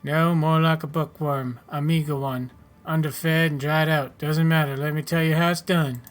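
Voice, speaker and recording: A man doing a gruff, blunt old-west farmer. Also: fairly high pitch, steady tone, normal speed, soft background music, lightly acted. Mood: teasing. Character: gruff male frontier farmer, blunt and teasing.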